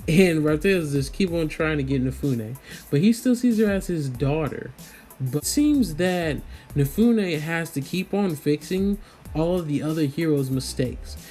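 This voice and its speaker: A man's voice: a little high, expressive, a little slow, darkish tone, soft background music. A man casually recapping an anime episode in a loose, rambling way, full of fillers. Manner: rambling, loose, lots of "you know" fillers.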